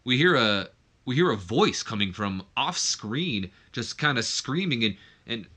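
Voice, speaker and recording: Bright-voiced casual game commentator. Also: male voice, medium pitch, very animated, unhurried. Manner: rambling, self-correcting. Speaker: let's play host.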